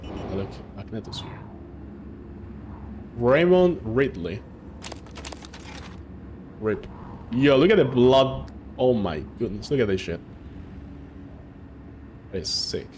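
A young male streamer reacting out loud as he plays, his pitch swinging up and down. He chats casually with his viewers. Game sounds and noise sit clearly behind him. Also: takes it slowly, pauses often. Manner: excitable, chatty, talks to chat. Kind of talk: casual live game commentary.

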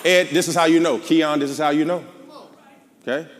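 A man with a Southern American accent, a pastor preaching a sermon, calling out to the congregation and then dropping into low asides. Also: steady tone, normal speed, big-room sound. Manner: call-and-response preaching, swings from shouting to low asides. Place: large church before a live congregation. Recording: live church with crowd and noise. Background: congregation responding.

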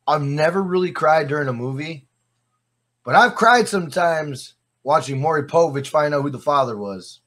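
Husky-voiced man, profane and laughing. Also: fairly high pitch, animated, normal speed, fairly bright tone. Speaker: podcast guest. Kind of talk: casual chat.

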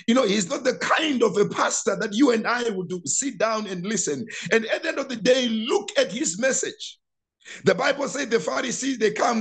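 A man preaching a sermon as pastor, impassioned and repeating words, building up to shouted passages. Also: extremely high pitch. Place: church.

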